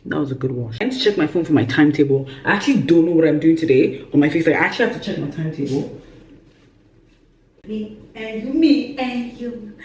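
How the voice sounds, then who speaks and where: A young woman, telling a dramatic storytime vlog with lively exaggeration. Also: deep voice. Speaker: vlogger. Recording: roomy echo.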